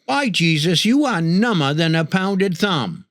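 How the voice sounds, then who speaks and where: A man's voice: high voice, sing-song, fairly bright tone, no room sound, clean studio sound, exaggerated voice. A man putting on a drawling rural Maine local. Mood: folksy. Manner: drawn-out, slow folksy drawl.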